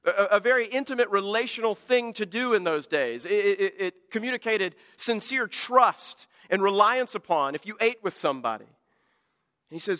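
A man's voice: high-pitched, lively intonation, moderate pace, bright, forceful tone, in a large hall. A man preaching an earnest sermon as a pastor, often stammering and restarting words as he builds his points.

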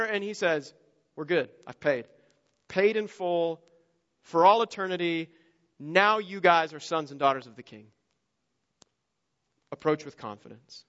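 A somewhat high-voiced man preaches in a big hall with a long, ringing reverb. The sound is a bit muffled and dull. He shifts between hushed, confiding asides and loud, emphatic bursts, acting out the voices of the people in his stories. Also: moderate pace. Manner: animated, swings from quiet and intimate to loud and emphatic; acts out quoted voices in story-telling. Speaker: pastor. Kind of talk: sermon.

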